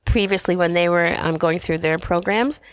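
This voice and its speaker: Low-voiced woman telling her story. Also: moderate pace, no echo. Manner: animated storytelling, acting out voices in quotes. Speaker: podcast guest. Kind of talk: personal faith story in conversation.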